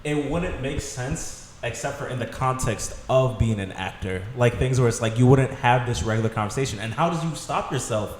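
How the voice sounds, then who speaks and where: A man asks curious questions in loose, laid-back slang. His voice sits at a middle pitch. The room is echoey, with clear background noise. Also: moderate pace, hardly any pauses. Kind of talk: casual round-table chat.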